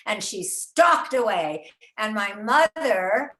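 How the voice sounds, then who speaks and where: Woman host, bright and lively storyteller; roomy studio sound. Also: mid-range voice, slow. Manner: animated storytelling, acting out quoted voices. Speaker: author and host. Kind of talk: casual conversation on a live broadcast. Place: writing studio. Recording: echoey room.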